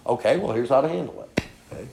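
A man's voice: medium pitch, animated, fast talker, vocal fry, a little hiss or hum. Folksy preacher man in an echoey room. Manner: folksy storytelling, frequent "okay?" tag questions; swings from soft asides to loud emphatic lines. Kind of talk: sermon.

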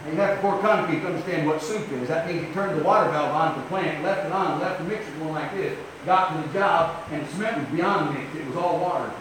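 An older man preaching a storytelling sermon to a congregation, emphatic, swinging from loud outbursts to quiet asides. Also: a little high, quick pace, hardly any pauses, background noise. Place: church sanctuary. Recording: very echoey, distant mic.

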